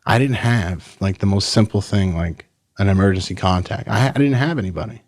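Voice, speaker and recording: A man in his thirties from New York tells his story as a podcast guest, casual and blunt, with plenty of swearing and "bro". His voice sits on the low side. The recording is close and dry, with no room sound. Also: fairly quick, no room sound. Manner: blunt, profane, animated retelling with lots of "like" and "bro".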